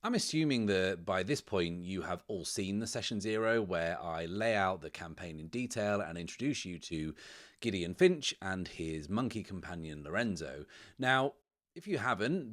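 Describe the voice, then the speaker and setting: A man with a very low voice spins out a tabletop adventure on his own. He paints the scene in loose, unhurried narration and muses aloud over each roll. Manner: relaxed, descriptive storytelling that drifts into thinking aloud. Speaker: solo game master and host. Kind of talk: narrating a solo tabletop game.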